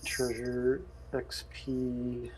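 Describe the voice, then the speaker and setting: A man's voice: medium pitch, completely flat delivery, drawn-out words, darkish tone, a little hiss or hum. A man playing a tabletop game, chatting and joking with the table. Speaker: player. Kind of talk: casual game chat.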